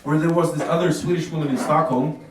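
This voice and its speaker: A man with a slightly high voice runs a casual stand-up set, often laughing at his own jokes. He was recorded from the back of a small café, so his voice sounds distant and heavily echoed, with faint noise underneath. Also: fairly even intonation, fast. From Bosnia. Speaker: stand-up comedian.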